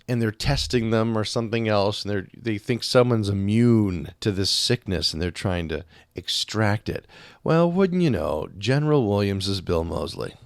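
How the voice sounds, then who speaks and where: Brief: male podcast film reviewer, lowish voice, dry close sound, animated and profane. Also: creaky, no echo. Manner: animated, acts out characters and swears freely. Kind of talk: casual spoken film review.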